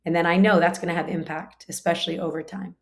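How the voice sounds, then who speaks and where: A woman's voice: fairly low pitch, fairly even intonation, quick pace, gravelly. A woman teaching a spiritual class in a conversational way, full of fillers and restarts, now and then acting out short quoted lines. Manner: acts out short quoted lines in her talk.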